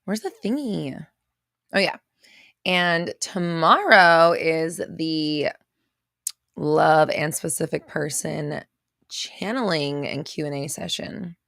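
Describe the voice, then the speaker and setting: A woman's voice: low-pitched, slow, gravelly, a bit bright, dry recording, clean studio sound. A woman hosting a casual livestream, greeting viewers by name and reading out their comments in a chatty way. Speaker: livestream host.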